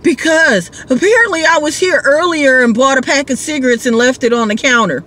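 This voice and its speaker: A woman's voice: high-pitched, brisk, a bit bright, voice pushed up. A woman doing a frantic drunk man. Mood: relieved. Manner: frantic, pleading, repetitive. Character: drunk, panicky adult man rider.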